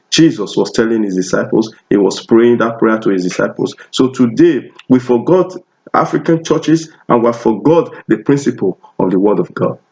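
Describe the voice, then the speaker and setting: Heard through a dull lo-fi recording, a man with a Nigerian accent and a mid-range, slightly mellow voice preaches as a pastor. His sermon is emphatic and repetitive, and he frequently starts his phrases over.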